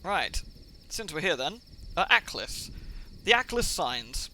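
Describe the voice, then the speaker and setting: Male streamer, casual read-aloud with asides; bright, faint hiss behind. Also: on the high side, sing-song, moderate pace, rough recording. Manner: chatty, reads text aloud with asides and fillers. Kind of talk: casual game-text reading aloud.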